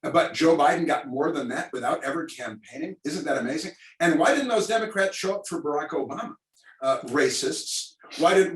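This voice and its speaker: A man hosting a political talk event over a video call, rambling and sarcastic with lots of fillers. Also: a little high. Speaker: radio talk host. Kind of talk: opinionated political commentary to listeners. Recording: roomy, distant mic.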